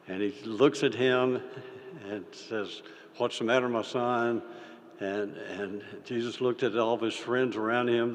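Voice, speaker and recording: An older man giving a folksy, halting speech as a state senator, with many fillers and restarts. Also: medium pitch. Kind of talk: folksy speech with a told story. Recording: reverberant hall.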